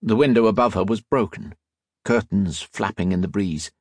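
A man with a lowish, slightly rough voice narrates an audiobook, measured and expressive in his storytelling. No echo is present.

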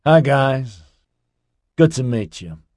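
A man voicing a laid-back, chatty young man who talks in hippie slang with an excitable drawl. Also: mid-range voice, slow pace, no room sound, clean studio sound, pitched above the performer's own voice. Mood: cheerful.

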